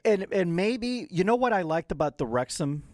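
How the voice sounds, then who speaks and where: A man co-hosting a casual chat, teasing his partner and quick to correct and explain details. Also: high-pitched, expressive, dry recording, studio quality. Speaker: podcast co-host.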